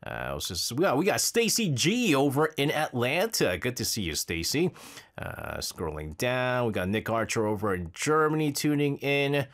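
A man's voice: medium pitch, big pitch swings, normal speed, fairly bright tone. A man hosting a live show, chatting casually and rambling between listener messages with frequent laughs. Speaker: radio show host reading listener messages.

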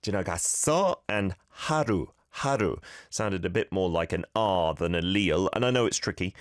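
Deep-voiced male radio host, dry studio sound. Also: no echo. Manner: patient, explanatory, gently corrective. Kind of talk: radio show with Korean pronunciation tips.

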